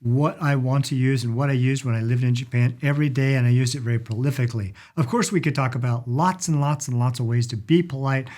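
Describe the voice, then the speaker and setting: In a medium-pitched, darkish voice, a middle-aged language and culture teacher casually explains useful travel phrases. He models them aloud with drawn-out vowels.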